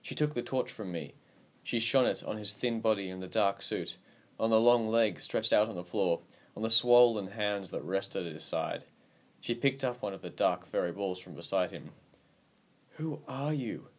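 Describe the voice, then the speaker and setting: Low-voiced man reading a story aloud. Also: moderate pace, few pauses. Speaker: audiobook narrator. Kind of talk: scripted narration.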